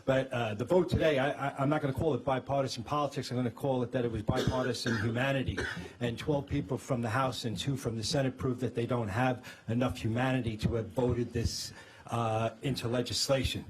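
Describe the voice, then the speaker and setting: A man's voice: mid-range voice, fairly even intonation, a little fast, a little hiss or hum. A man with a Brooklyn accent, a firefighters' union president, giving a press conference speech with many fillers and restarts.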